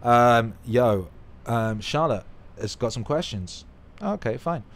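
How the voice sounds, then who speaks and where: A man chatting on his own livestream, loose and excitable, cursing freely. He drops to a mumble, then bursts out loud and gushing. His voice sits at an ordinary middle pitch for a man. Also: takes it slowly. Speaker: livestream host. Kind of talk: casual livestream chat.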